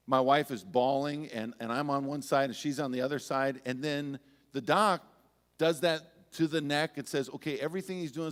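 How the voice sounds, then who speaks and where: A male pastor giving a sermon in a conversational, storytelling way with touches of humor. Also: mid-range voice. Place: church sanctuary. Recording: church sanctuary with long reverb.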